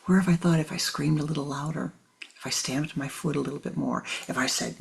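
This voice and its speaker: A spiritual teacher giving a meditative teaching. The teacher speaks slowly and deliberately, repeats phrases for emphasis and often sinks into a breathy near-whisper. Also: mid-range voice, a little hiss or hum. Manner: addresses listeners tenderly as "my beloved".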